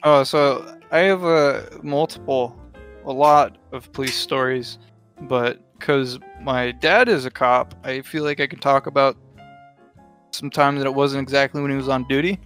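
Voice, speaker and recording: A man's voice: medium pitch, steady tone, measured pace, fairly bright tone, soft background music. A young man on a podcast, telling rambling stories with lots of swearing and laughing. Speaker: podcast co-host. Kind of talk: casual storytelling chat.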